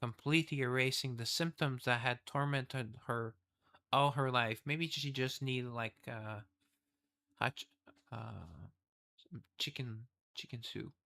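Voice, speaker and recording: A man's voice: medium pitch, unhurried, gravelly, sharp tone. A man casually reading a game's story aloud and rambling through asides and self-corrections. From the West. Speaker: game streamer reading the story.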